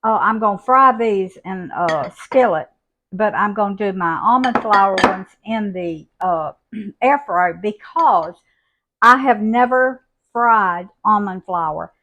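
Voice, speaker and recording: An older woman, showing a home cooking recipe in a folksy, unhurried way from her kitchen. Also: medium pitch, pushed and bright, slight background noise. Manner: folksy, unhurried, homey talk. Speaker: cooking channel host.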